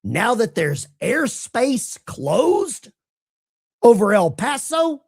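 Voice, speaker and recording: Man, live stream host, sarcastic, rambling, unhurried delivery. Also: very high-pitched, sing-song, creaky, slightly rough. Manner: sarcastic, rambling, with frequent restarts; addresses chat viewers directly. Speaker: political commentary livestream host. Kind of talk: casual live stream commentary.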